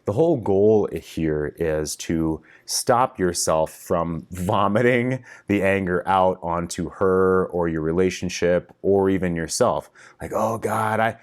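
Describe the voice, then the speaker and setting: Deep-voiced frank male coach. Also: slow pace, few pauses, darkish tone. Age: middle-aged. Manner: frank, casual, swears freely, coaching directly. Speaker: relationship coach. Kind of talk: video lesson for men.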